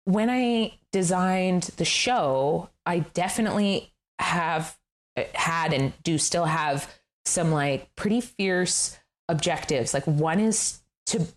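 A middle-aged woman, a guest telling her story in an interview, candid and animated, laughing often and swearing casually. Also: lowish voice, slow pace. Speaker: guest, furniture designer. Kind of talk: conversational interview.

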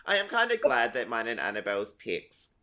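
A man's voice: mid-range voice, wildly swooping pitch, fairly quick, sharp tone. A man co-hosting a podcast, asking questions playfully and laughing a lot. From Australia. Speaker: podcast co-host. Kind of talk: casual podcast interview.

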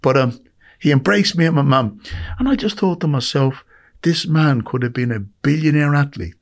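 A man's voice: fairly high pitch, expressive, normal speed. A middle-aged Irish man, a podcast guest, telling stories in a heartfelt, emphatic way and repeating words for weight. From Ireland. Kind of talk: emotional storytelling.

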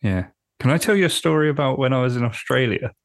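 A man's voice: medium pitch, lively intonation, fast, gravelly, no echo. An English man co-hosting a podcast, telling stories in a casual, laughing way and often repeating words as he builds up. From England. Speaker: podcast co-host. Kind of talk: casual chat.

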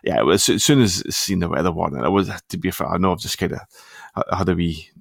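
A Scottish podcast host talks football in a casual, rambling, easygoing manner, often correcting himself. His low-pitched voice is fast, a bit bright, and has vocal fry, recorded cleanly in a studio with no echo.

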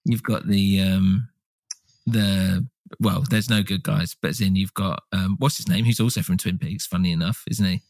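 A man co-hosting a casual film podcast, rambling and swearing with lively asides. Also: sits low, moderate pace, no room sound. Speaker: podcast co-host.

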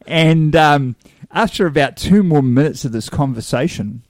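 Lively New Zealand man telling stories. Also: on the high side, normal speed, hardly any pauses, no echo. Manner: animated storyteller acting out quotes. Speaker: podcast co-host. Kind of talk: casual chat.

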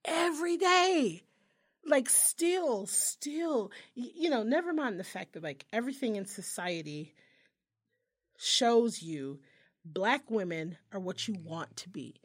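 A woman in her thirties telling stories in a casual chat, animated and profane, often breaking into laughter. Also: on the high side, slow. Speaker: podcast co-host.

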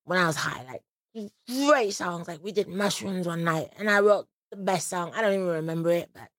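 A woman's voice: on the low side, normal speed, dry recording, clean studio sound. A middle-aged woman talking as a musician guest in an interview, candid and chatty, with many fillers. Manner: chatty, frank, many "like" and "you know" fillers.

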